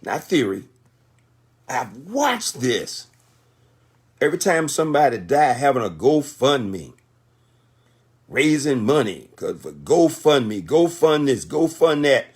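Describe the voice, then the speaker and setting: A man's voice: mid-range voice, very animated, unhurried, long pauses, husky. A man in his sixties giving a motivational talk on a conference call, emphatic and repetitive like a sermon. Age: 60s.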